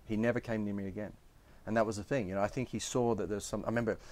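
A man guesting as a film director, telling a candid personal story in a halting way and often repeating words as he restarts. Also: on the low side, fairly even intonation, crowd noise.

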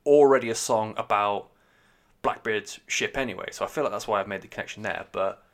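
A man's voice: fairly low pitch, a little fast. A man giving a casual spoken album review, rambling, sweary and enthusiastic. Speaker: music reviewer.

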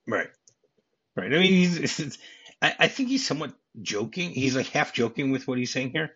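A man's voice: mid-range voice, big pitch swings, normal speed, bright, forceful tone, breathy edge, muffled recording. A man co-hosting a podcast, chatting casually and explaining film scenes and trivia at length. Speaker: podcast co-host.

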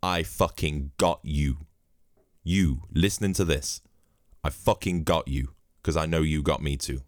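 Drinking at his home microphone, a man with a bass voice hosts his podcast, rambling through cheeky, profane comic stories a little slowly. The sound is clean studio audio with no room sound.

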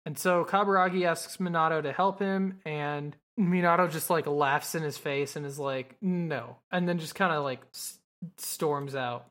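A woman co-host with a low-pitched, fairly bright voice and fairly even intonation recaps an anime episode at normal speed. Her podcast chat is casual, sprinkled with swearing and passing impressions of characters' lines.

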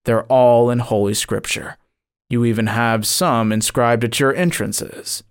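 Brief: stern male spirit guide of few words, as voiced by a male audiobook narrator, unhurried. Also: mid-range voice, steady tone, smooth, natural voice. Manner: stern, terse.

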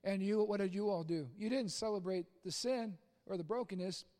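High-voiced, animated preacher in a hall. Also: male voice, moderate pace. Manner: animated, acts out voices of Bible figures, shouts at peaks. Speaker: pastor. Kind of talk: sermon.

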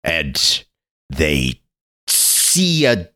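Podcast guy doing a goofy movie trailer voice, swings all over in pitch. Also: huge pitch swings, very slow, pushed and bright, dry recording, studio quality. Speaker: podcast co-host. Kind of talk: mock trailer narration, rambling.

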